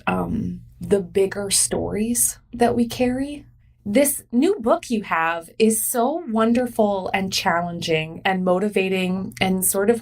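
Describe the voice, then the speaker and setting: A woman hosting an interview, enthusiastic and quick to laugh, with a loose, filler-filled way of talking. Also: medium pitch. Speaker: podcast host. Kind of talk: conversational interview. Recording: voice slightly far from the mic.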